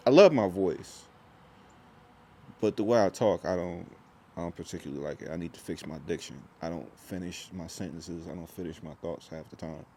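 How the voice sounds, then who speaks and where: Young guy with a really deep voice ranting into his vlog, lots of restarts, bit of low noise behind. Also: moderate pace, warm tone. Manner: rambling, restarts, slangy and intense. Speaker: vlogger. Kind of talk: casual monologue vlog.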